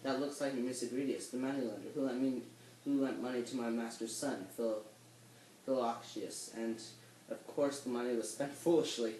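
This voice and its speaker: A young man reading a play script aloud for a class, animated and now and then stumbling over words. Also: mid-range voice, normal speed, distant mic, slight background noise. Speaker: student reader. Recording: echoey room, voice a bit off the mic.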